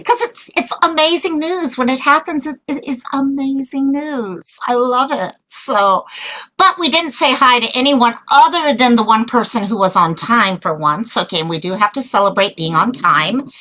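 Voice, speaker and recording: A woman hosting a casual livestream chat, excitable and rambling as she greets viewers and a guest. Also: fairly high pitch, moderate pace, low-quality recording. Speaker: livestream host.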